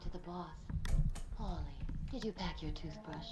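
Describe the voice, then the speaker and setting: A woman's voice: fairly low pitch, a little slow, a little mellow, slightly rough. A woman voicing a prim, polite female household robot through a robotic filter.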